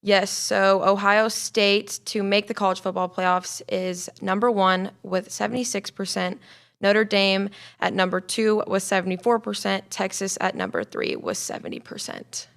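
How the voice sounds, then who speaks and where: Gravelly-voiced woman reading sports news. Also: medium pitch, a bit bright. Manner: brisk, reads out figures. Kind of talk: casual sports talk.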